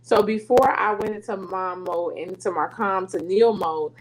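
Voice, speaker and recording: A middle-aged woman hosting a faith talk show, telling a family story to listeners in a casual, animated way, often laughing. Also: medium pitch, moderate pace, slight background noise, rough recording. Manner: animated, laughing, slips into dialect and quoted voices.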